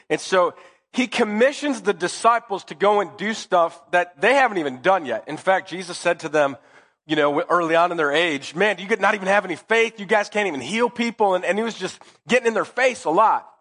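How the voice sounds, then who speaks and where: A middle-aged male pastor preaching a loose, conversational sermon while nursing a cold, cracking jokes with the congregation. His voice sits a little high for a man. The long reverb of a church hall trails behind his words. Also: fairly bright tone. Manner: chatty, joking, conversational. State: has a cold. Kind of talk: casual sermon.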